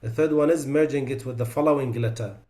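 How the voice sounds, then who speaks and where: A man teaching a tajweed class on recitation mistakes. He recites each sound as an example, then drops his voice low to say what is wrong with it. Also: steady tone, fast talker, a little mellow. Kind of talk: tajweed lesson.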